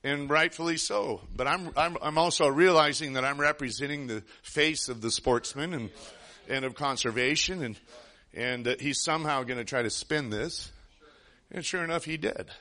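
Bright-voiced man preaching through a story. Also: on the high side, moderate pace. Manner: earnest, rambling, with frequent restarts. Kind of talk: sermon storytelling.

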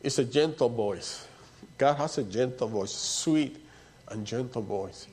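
Man preaching in a conversational way. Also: a little slow. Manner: conversational preaching with repeated "you know" and "see"; swings between soft low asides and rising emphatic points. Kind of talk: sermon.

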